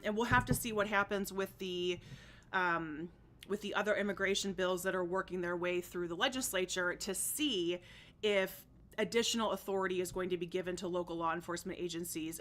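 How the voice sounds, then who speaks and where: A woman's voice: lowish voice, fairly bright tone, slight background noise. A woman with a Chicago-region Midwestern accent, hosting a casual livestream and chatting to viewers with plenty of ums. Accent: Upper Midwest, Chicago region. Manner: chatty, reads viewer comments aloud, many fillers. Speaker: livestream host. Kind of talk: casual livestream chat about politics.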